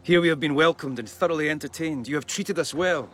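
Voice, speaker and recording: A man reading the part of a bold young warrior hero, speaking in a measured, formal and proud way in a dramatic reading of epic verse. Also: a little high, slightly rough. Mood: solemn.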